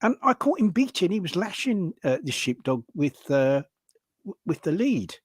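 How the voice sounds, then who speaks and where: An older man, a guest recounting personal stories in a casual conversation, lively and animated. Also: high-pitched, normal speed, husky, no echo.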